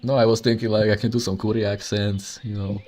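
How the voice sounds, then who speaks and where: A man chatting as a guest on a live stream, relaxed and a bit reluctant. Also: on the low side, a little fast, faint music behind. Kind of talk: casual chat on a live stream.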